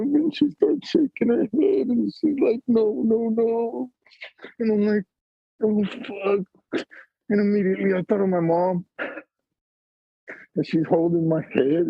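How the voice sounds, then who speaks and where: Husky, gravelly man over a tinny call. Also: high-pitched, dry recording. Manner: raw, halting storytelling, heavy swearing. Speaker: call-in panelist. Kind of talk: personal story told on a call-in stream. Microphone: video call. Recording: tinny phone-like call audio.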